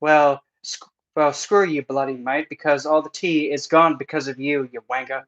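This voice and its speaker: A man putting on an English accent, voicing a rude, cursing Englishman who talks loudly. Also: on the high side, steady tone, normal speed, highs cut off, slight background noise, natural voice. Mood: scornful. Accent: English, put on. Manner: loud, insulting.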